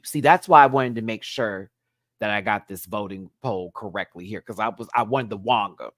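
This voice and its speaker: A man hosting a live recap stream, talking in a sassy, campy way with big swoops in pitch. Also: moderate pace, a bit bright, dry recording, studio quality.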